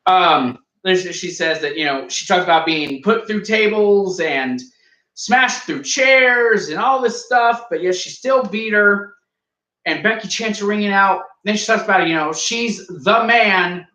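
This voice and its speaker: Brief: young male podcast co-host, high bright voice, boastful and ranty, roomy echo. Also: animated, a little slow. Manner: boastful, joking, ranting. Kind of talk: casual wrestling review chat.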